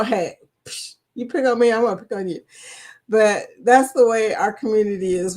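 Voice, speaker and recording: A woman's voice: medium pitch, a little mellow. A woman from Kentucky with a Kentucky accent, hosting a live chat stream, who talks in a chatty, teasing way and laughs often. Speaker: livestream host. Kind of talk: casual chat greeting viewers.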